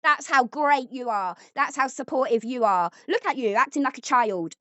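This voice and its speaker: A woman's voice: high voice, moderate pace, bright, forceful tone, no echo, lo-fi sound. A woman arguing angrily at home, accusatory and sarcastic. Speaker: vlogger. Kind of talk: heated domestic argument.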